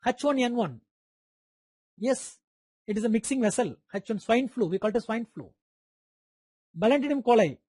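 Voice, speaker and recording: A man's voice: sits high, darkish tone, dry recording. A man with an Indian English accent giving an online medical lecture, quizzing students by name and repeating key terms.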